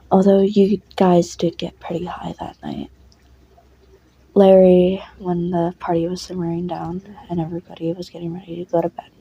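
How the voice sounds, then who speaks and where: A woman's voice: lowish voice, mellow, slightly rough, highs cut off. A young woman narrating a listener role-play audio in a casual, rambling way, full of fillers and swearing.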